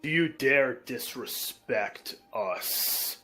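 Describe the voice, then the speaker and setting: A man voicing a huge, slow-witted male giant who speaks in slow, broken English. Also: medium pitch, lively intonation, loud music behind the voice. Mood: menacing.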